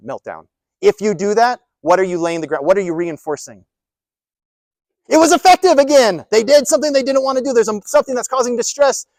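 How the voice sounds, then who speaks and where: Man presenting to caregivers, high voice, emphatic, rhetorical questions, dry close sound. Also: no echo. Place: presentation room.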